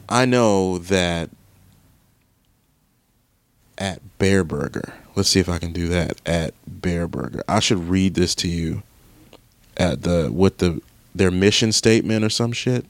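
A deep, low-pitched young man grumbles his way through a casual podcast chat. He swears freely and thinks out loud, exasperated. The recording is dry and close, with no room sound. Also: slow pace, pauses often, no echo. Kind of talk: casual solo chat while browsing online.

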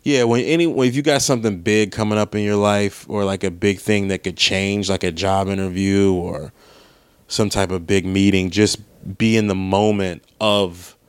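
A man's voice: low-pitched, fairly even intonation, moderate pace, smooth, dry recording. A young man, an actor, telling a rambling story in a casual monologue, voice jumping up when he retells arguments.

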